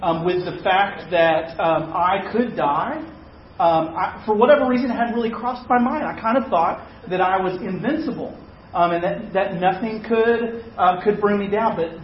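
High-voiced man telling a sermon story. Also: a little hiss or hum. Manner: conversational, self-deprecating storyteller. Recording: echoey, dull-sounding room recording.

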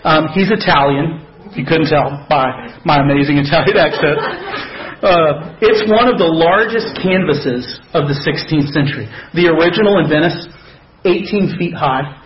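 A Southern American man gives a conversational sermon in a church, his voice sitting a little high for a man. The room rings with echo, and the recording sounds somewhat dull. He keeps it casual and pokes fun at himself. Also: unhurried. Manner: conversational, self-deprecating humor, asks the congregation questions. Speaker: pastor. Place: church sanctuary.

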